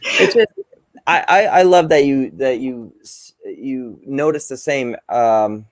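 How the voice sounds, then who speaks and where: A male host and paranormal investigator talks with eager energy, stumbling and restarting as his thoughts run ahead. His voice is mid-pitched. The sound is dry and close. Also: slow pace, dry recording. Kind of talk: casual interview chat.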